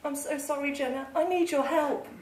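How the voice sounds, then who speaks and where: A woman's voice: high voice, brisk, a little mellow, slight background noise, lightly acted. A woman author voicing a flustered, embarrassed young woman who stammers and pleads. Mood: defeated. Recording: echoey room, distant mic, audience laughter.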